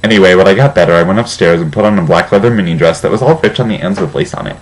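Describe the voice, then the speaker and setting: A young man with a very low, deep voice reads a fan fiction aloud in a mock-serious tone. He breaks off now and then for dry, sarcastic asides. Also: very fast, low-quality recording. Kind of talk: comic dramatic reading aloud.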